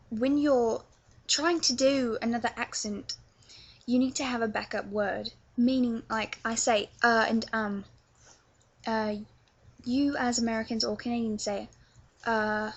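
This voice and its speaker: A woman's voice: a little high, fairly even intonation, takes it slowly, husky, lo-fi sound. A young woman from England with a London accent, chatting her way through a casual tutorial with lots of filler words. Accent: London English. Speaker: vlogger teaching accents.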